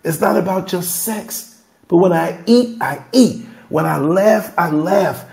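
A man's voice: high-pitched, measured pace, creaky, a little mellow. Emphatic, emotional man hosting a podcast. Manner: emphatic, emotional, freewheeling storytelling. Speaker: podcast host. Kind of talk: candid podcast conversation.

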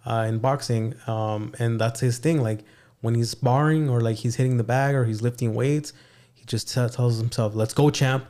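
Podcast host, a man who asks meandering, halting questions in a mid-pitched voice. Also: fairly even intonation, mellow. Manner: rambling, hesitant, lots of "uh" and "like". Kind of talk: casual interview questions.

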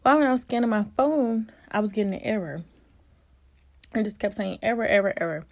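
Young woman, casual vlog storytime, animated and expressive, dry close recording. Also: fairly high pitch, moderate pace, no echo. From Virginia, US. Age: early 20s. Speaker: vlogger.

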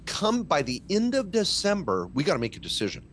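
Animated, emphatic middle-aged man. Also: high voice, brisk, a little hiss or hum. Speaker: small business tax lawyer guest. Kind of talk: casual podcast chat.

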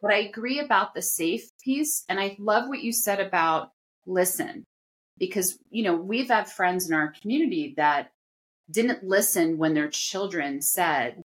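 A woman hosting an interview, chatting casually about her kids, with many fillers. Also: on the low side. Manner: chatty, full of fillers like "you know". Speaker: host and parent.

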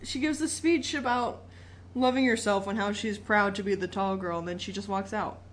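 Laughing, animated woman recapping a movie. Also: mid-range voice, normal speed. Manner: animated, laughing, swearing freely. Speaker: podcast co-host. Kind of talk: casual movie recap chat.

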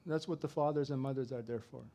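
A middle-aged man preaching a sermon, swinging from loud to soft as he tells a story. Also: mid-range voice, fairly even intonation, fast. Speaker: pastor.

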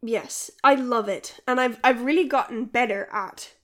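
A woman's voice: a little high, normal speed. A woman who creates and writes a podcast, chatting casually and rambling with many fillers as she answers listener questions.

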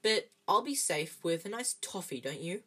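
A whimsical, dreamy old wizard headmaster, as a woman reading aloud puts him on, musing gently and wryly. The voice sits low and a little husky, with a soft, unhurried storybook feel. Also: expressive.

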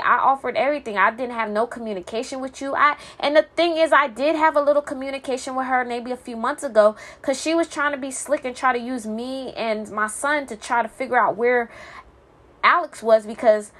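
A woman's voice: a little high, fairly bright tone. A single mother venting in a blunt, profane monologue, stumbling and repeating words when heated.

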